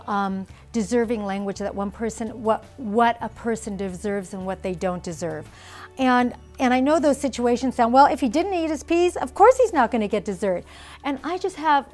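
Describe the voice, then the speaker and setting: A middle-aged woman giving a calm, explanatory parenting lesson on video, now and then acting out example phrases. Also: on the high side. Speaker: parenting instructor. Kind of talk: instructional video talk.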